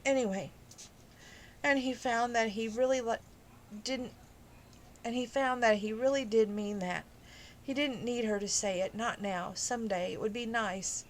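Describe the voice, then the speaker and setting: A woman's voice: fairly high pitch, a little slow, long pauses, slight background noise, rough recording. A woman reading a romance novel aloud informally, emotional and adding personal asides. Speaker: audiobook reader.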